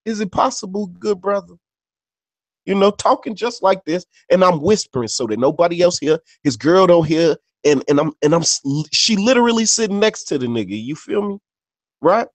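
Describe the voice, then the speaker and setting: A man's voice: on the high side, very animated, brisk, dry recording. A man co-hosting a podcast, telling stories in casual, slangy, profane chat with constant "you know what I'm saying" tags. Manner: loose, conversational storyteller. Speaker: podcast co-host. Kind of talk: casual unscripted chat and storytelling.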